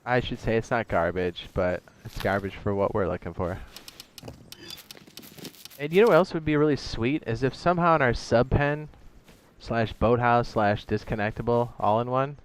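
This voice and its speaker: A man's voice: mid-range voice, moderate pace, a little hiss or hum. Chatty male game streamer. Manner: rambling, chatty, says "dude" a lot, talks to himself; reads chat messages aloud. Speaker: streamer playing a survival game. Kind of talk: casual live-stream chat.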